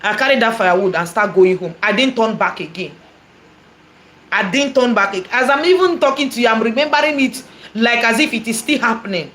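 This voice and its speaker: Speaking with a Nigerian accent, a prophetess recounts her own testimony in a lively, repetitive way, slipping Igbo phrases into the story. Her pitch sits on the high side and her pace is a little fast.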